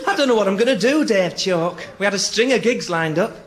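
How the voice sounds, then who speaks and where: A broad comic, sentimental and a bit dim. His voice sits high and earnest. The recording carries a steady hiss of noise. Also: fairly quick. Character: grieving old-school male comedian, earnest and dim. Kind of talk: radio sketch comedy. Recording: noisy radio recording.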